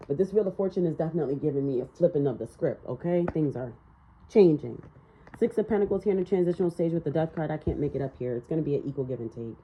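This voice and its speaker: A woman's voice: low-pitched, fast talker, lo-fi sound. A woman giving a casual spiritual tarot reading in a blunt, ranting manner, swearing freely. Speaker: tarot reader.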